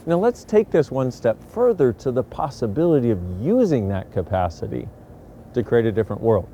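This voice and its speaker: A man giving a casual motivational talk to camera, animated and lively, acting out the voices he quotes. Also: mid-range voice, moderate pace, slight background noise. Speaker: self-help speaker.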